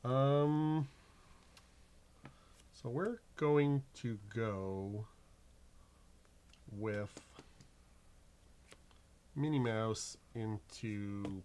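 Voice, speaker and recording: Brief: middle-aged man, mid-pitched voice, relaxed chatty game-stream talker with an easy laugh, faint hiss behind. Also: very slow, pauses often. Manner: chatty, laughs easily, narrates his plays. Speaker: stream co-host and card game player. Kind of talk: casual chat while playing a card game.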